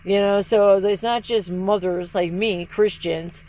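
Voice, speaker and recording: A woman in the middle of a heated, free-wheeling rant, talking at a medium pitch for her voice. She curses freely, skips between ideas mid-sentence, and her voice jumps sharply higher when she gets agitated. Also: fairly even intonation, a little slow, a little mellow, poor audio. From Michigan, United States. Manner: breaks into short laughs, pitch leaps up when agitated. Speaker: video blogger. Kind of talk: rambling monologue rant.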